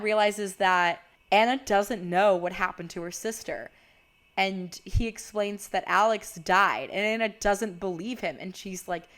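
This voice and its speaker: A woman's voice: fairly low pitch, fairly even intonation, normal speed. A young woman casually retelling a horror movie's plot, chatty and full of "like". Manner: chatty, heavy use of "like". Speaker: video creator.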